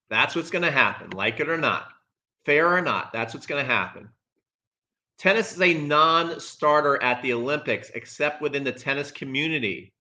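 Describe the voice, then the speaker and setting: A man with a bright, forceful voice talks through tennis in a casual live stream. He is emphatic and repeats his points, and he answers viewer comments as he goes. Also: mid-range voice.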